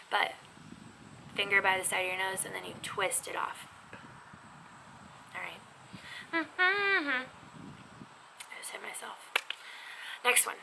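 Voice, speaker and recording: A woman gives a casual sign language lesson from her home, teasing herself and sometimes dropping to a whisper. Her voice has a gravelly edge. The recording carries a steady layer of background noise. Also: medium pitch. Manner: chatty, self-teasing, drops to whispers. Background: neighbor's music faintly heard.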